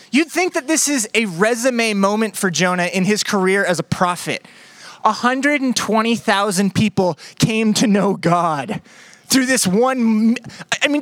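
Man preaching, high voice, playful and animated, dry close sound. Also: dry recording. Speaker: pastor. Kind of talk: sermon with audience skit.

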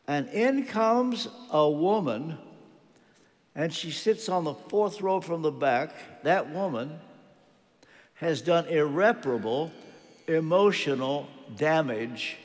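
An older man preaches in a fairly high voice, telling a story and voicing its characters with rising and falling emphasis. His words ring out with a long reverb, as in a large church hall. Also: expressive, slow, pauses often. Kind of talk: sermon.

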